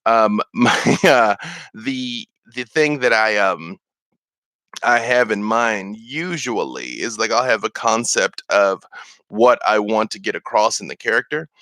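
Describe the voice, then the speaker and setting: A man's voice: lowish voice, expressive, unhurried, bright, forceful tone, no room sound. A man answering viewer questions on a casual live stream, rambling with many fillers and restarts. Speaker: streamer and game master.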